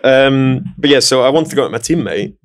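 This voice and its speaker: A man's voice: medium pitch, fast. A young man hosting a podcast who chats casually and jokingly and teases his guests for stories. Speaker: podcast host. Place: podcast studio.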